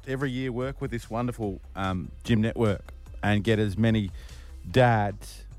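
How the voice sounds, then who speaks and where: A man's voice: on the low side, normal speed, darkish tone, soft background music. A man co-hosting a radio talk show in casual chat, joking and teasing. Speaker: radio co-host.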